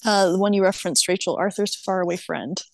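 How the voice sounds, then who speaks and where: A woman's voice: mid-range voice, fast talker, vocal fry, no room sound. A young woman in a casual chat, speaking in a nostalgic, hesitant way with many fillers.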